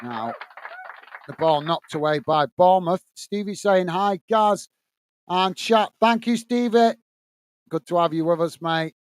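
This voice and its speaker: A man's voice: a little slow, clean tone, no echo. Man calling a football match live. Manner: steady play-by-play, lifts pitch when greeting viewers. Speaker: watch-along host and commentator. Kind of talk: live football watch-along commentary and chat.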